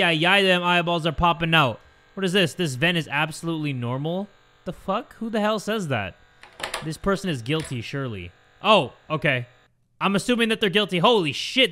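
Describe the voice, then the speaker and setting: Lively, bright-voiced young man gaming. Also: a little high. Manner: goofy, excitable, swears often, jokes to viewers. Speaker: gaming YouTuber. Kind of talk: horror game commentary.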